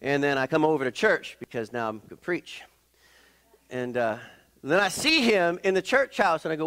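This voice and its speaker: Middle-aged pastor, man, a touch high-pitched, chatty sermon full of ums and restarts. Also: animated, fairly bright tone, smooth. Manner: conversational, halting with many fillers and restarts.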